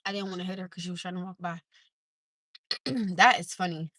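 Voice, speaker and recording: A woman chatting casually on a livestream from her car, laughing often as she tells animated stories. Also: fairly low pitch, fairly quick, no echo. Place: in a car at a drive-through.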